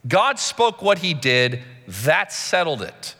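Dramatic preacher man, bright voice, hall echo. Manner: dramatic, slow emphatic delivery that climbs high when excited. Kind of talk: sermon. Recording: long hall reverb.

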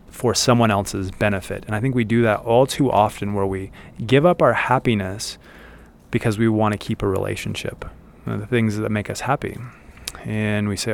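Out in the desert, a podcast host with a fairly low, creaky voice gives casual motivational advice. He's earnest and repeats phrases for emphasis, with slight background noise.

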